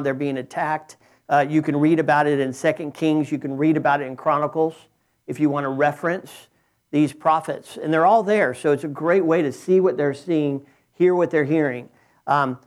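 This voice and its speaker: A man, a pastor, praying and then preaching a sermon in an earnest way, often restarting his words and growing excited. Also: a little high. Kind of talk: sermon with opening prayer. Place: church sanctuary.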